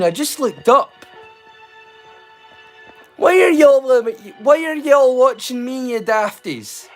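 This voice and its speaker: A man's voice: very high-pitched, sing-song, takes it slowly, long pauses, soft background music. A Scottish man hosting a livestream, chatting casually to his viewers in a rambling, sweary way and laughing easily. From Scotland. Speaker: livestream host. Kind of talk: casual chat.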